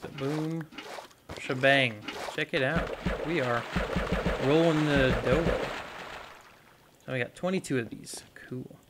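A man's voice: mid-range voice, takes it slowly, pauses often. Young male gaming host, rambling let's-play chat, light hiss on the mic. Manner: rambling, talks to viewers while playing. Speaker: gaming YouTuber. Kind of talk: casual let's-play commentary.

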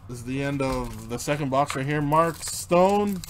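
A man's voice: a little high, expressive, moderate pace, background noise. A man hosting a live card break. He reads out player names as he opens the packs and chats casually with viewers. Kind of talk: live card-opening commentary.

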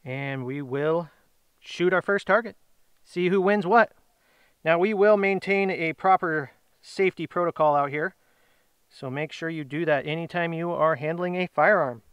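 With a fairly high pitch that's a bit bright and smooth, a middle-aged man hosts his grilling channel's outdoor giveaway vlog. He's upbeat and talkative, drawing out winners' names in long announcements, captured in a dry recording.

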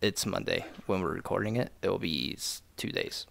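A man's voice: low-pitched, moderate pace, vocal fry, fairly bright tone. A young man hosting a podcast, chatting casually and jokingly with plenty of swearing and fillers. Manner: loose, joking, profane, lots of fillers. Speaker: podcast host. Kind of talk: casual chat.

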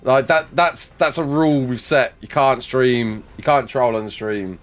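A man's voice: medium pitch, unhurried, rough recording. A man streaming a survival game live, chatting casually, laughing often and joking with chat as he builds.

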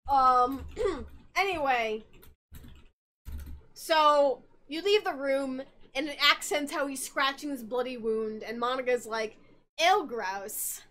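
A woman's voice: high voice, slow pace, a bit bright. A tipsy woman hosting a podcast, rambling through a game's story in casual chat, giggling and swearing as she goes. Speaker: podcast host.

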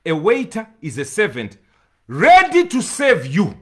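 A man's voice: sits high, wildly swooping pitch, a little slow, a bit bright, slightly rough. A man preaching an emphatic sermon, repeating phrases and breaking into bursts of tongues.

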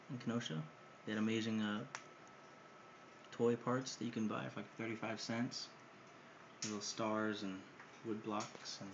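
Soft-spoken man on dull camera audio. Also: on the low side. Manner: soft-spoken and easygoing, with fillers. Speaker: pet bird owner filming his parrot. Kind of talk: casual home video narration. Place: at home with his pet birds. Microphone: handheld camera mic. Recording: dull, slightly muffled camera audio with faint hiss.

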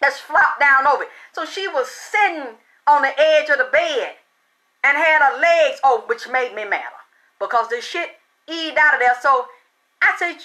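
High bright-voiced woman telling a crude story. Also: expressive, normal speed. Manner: blunt, crude and heated, breaking into shouted outbursts. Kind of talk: profane storytelling.

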